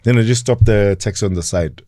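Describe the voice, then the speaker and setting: A South African man, a podcast guest, telling a dramatic story in an animated way and acting out the voices of the people in it. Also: lowish voice, a little fast, no echo, studio quality. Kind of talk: storytelling in an interview.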